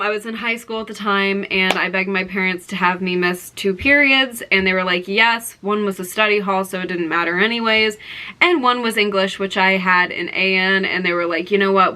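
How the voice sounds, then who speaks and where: Bright, gushing young woman vlogger. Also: mid-range voice, smooth. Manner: gushing, breathless, full of fillers and exclamations. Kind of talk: excited storytelling to camera.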